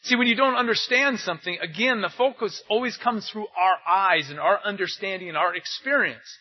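Older male pastor with a high-pitched, breathy voice; chatty sermon full of rhetorical questions; muffled lo-fi recording. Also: fairly quick. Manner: asks rhetorical questions, tells anecdotes. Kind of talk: conversational sermon. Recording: dull lo-fi recording.

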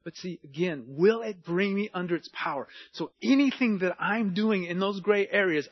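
A middle-aged man preaches in a relaxed, conversational sermon, weaving in personal stories and poking fun at himself. His voice sits high for a man. The recording is dry and slightly muffled. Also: normal speed, breathy edge, dry recording. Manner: conversational preaching with personal anecdotes and self-deprecating humor. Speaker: pastor.

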